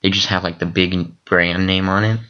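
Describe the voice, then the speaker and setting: A man telling a long rambling story in a casual vlog, excitable and full of fillers. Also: deep voice, normal speed. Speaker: vlogger. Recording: dull lo-fi recording.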